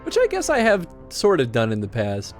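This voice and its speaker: A man's voice: medium pitch, wildly swooping pitch, moderate pace, faint music behind. A man hosting a livestream, chatting casually in a rambling way while playing a game. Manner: rambling, with restarts and laughter. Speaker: livestream host.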